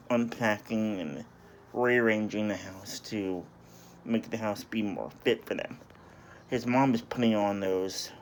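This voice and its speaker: A man's voice: on the low side, slight background noise. A man casually recapping a story, hesitant and apologetic, with many restarts and self-corrections. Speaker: video reviewer.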